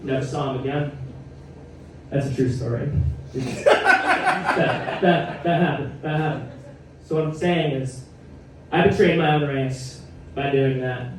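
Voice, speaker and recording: A man's voice: medium pitch, measured pace, pauses often, noisy background. A male stand-up comedian telling a story in a conversational way with wry asides, on a comedy club stage. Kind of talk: stand-up set. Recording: echoey live room, heard from a distance.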